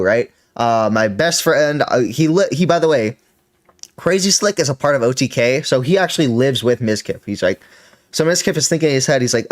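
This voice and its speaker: A man's voice: medium pitch, lively intonation, moderate pace. A man hosting a reaction stream, giving casual, profane commentary that rambles and corrects itself.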